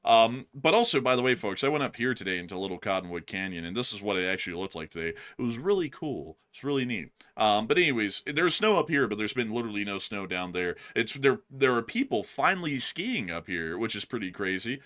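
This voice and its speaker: Lively, bright-voiced male stream host. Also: lowish voice, fairly quick, few pauses. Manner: upbeat and chatty, lots of thanks to supporters. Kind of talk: casual live-stream chat.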